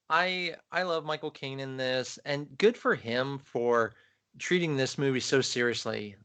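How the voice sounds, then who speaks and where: A man's voice: medium pitch, unhurried, fairly bright tone, clean tone. A man co-hosting a podcast, chatting in an enthusiastic, rambling way about films. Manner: enthusiastic, chatty, many fillers. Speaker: podcast co-host. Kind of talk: casual film chat.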